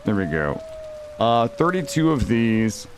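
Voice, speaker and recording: Excitable swearing game streamer, man. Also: mid-range voice, measured pace, slight background noise. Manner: excitable, swears often, talks to chat. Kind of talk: live gameplay commentary.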